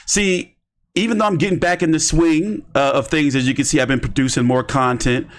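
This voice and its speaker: A man's voice: on the high side, fairly even intonation, brisk. A man giving rambling, slangy commentary on boxing during a casual live stream. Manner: rambling, slangy, talks to himself while browsing.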